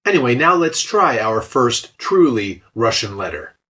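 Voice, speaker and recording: A man's voice: medium pitch, very animated, a little slow, sharp tone, breathy edge. A man narrating a scripted language lesson, explaining step by step with light, dry jokes. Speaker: language teacher.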